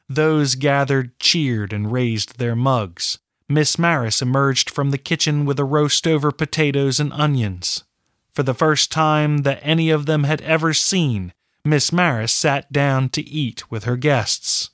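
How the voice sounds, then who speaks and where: A man narrating a fantasy novel in a measured, deliberate way. His pace is very unhurried and his pitch is middling. The sound is dry and close. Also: fairly bright tone, no echo. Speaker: audiobook narrator. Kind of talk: scripted narration.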